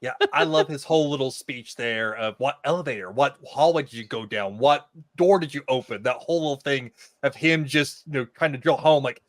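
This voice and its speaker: A man who is a podcast guest, casually talking over a TV episode, opinionated and animated when he quotes the characters. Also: medium pitch, a little fast, hardly any pauses, no echo, clean studio sound. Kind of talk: casual chat discussing a TV episode.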